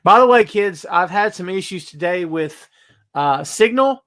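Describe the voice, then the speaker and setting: His voice sits high with lively intonation and a bit of brightness, paced in a measured way. He's a man hosting a casual, chatty wrestling podcast streamed live from home, near a bass amp, and he greets viewers by name.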